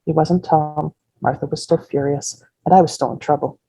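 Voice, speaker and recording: An author reading her first-person novel aloud in a measured, unhurried way. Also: low-pitched, steady tone, dark tone, husky, no echo, poor audio.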